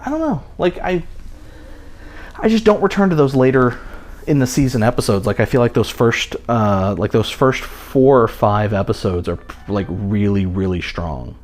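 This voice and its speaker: A man's voice: mid-range voice, moderate pace, darkish tone. A man in his thirties co-hosting a podcast in casual chat, rambling with many fillers and restarts. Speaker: podcast co-host.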